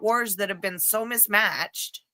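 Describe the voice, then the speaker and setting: Bright, crisp, slow-talking woman. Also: mid-range voice, low-quality recording. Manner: slow, blunt, opinionated. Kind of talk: casual chat.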